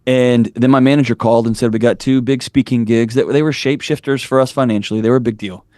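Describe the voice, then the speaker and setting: A man's voice: medium pitch, fairly even intonation, quick pace, a little mellow, no echo, clean studio sound. A man in his forties, a podcast guest, talking candidly and bluntly, building his points up with preacher-like fervor. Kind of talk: candid interview storytelling.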